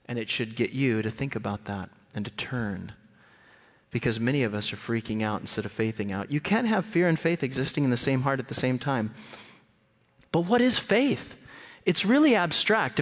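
A man preaching a sermon as a guest speaker, animated and lively, often acting out voices. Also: normal speed. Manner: animated, acts out quoted voices with big pitch jumps. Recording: long hall reverb.

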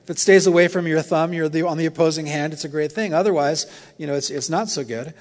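A man's voice: on the high side, fast. A male pastor preaching a sermon in a conversational, storytelling way with light humor. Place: church. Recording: long reverb of a church hall.

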